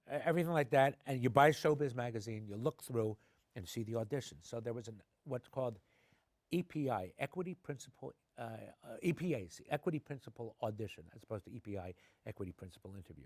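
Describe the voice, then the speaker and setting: A middle-aged man, an actor being interviewed, telling animated stories and acting out the people in them. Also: medium pitch, no room sound. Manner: animated anecdotes, acting out quoted voices. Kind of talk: conversational storytelling. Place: television studio.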